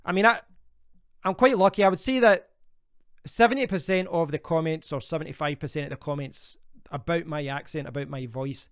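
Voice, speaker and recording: A man's voice: on the high side, fairly quick, fairly bright tone, clean tone, no echo, studio quality. A Scottish man in his thirties, hosting a casual live stream from home and chatting as he answers viewer comments. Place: home in Spain.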